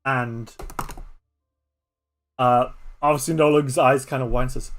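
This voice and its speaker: A streamer narrating a solo tabletop game, with many halting fillers. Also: mid-range voice, steady tone, soft background music. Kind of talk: improvised story narration.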